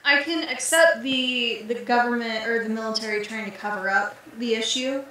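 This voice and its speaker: A woman's voice: fairly high pitch, moderate pace, pushed and bright, slight background noise. A woman co-hosting a casual movie-review podcast, opinionated and emphatic. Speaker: podcast co-host. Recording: echoey room, far from mic.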